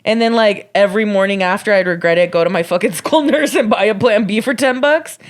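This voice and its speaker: A woman's voice: medium pitch, fairly quick. A young woman co-hosting a podcast, telling a candid story in a casual, sweary way and acting out the quotes. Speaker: podcast co-host.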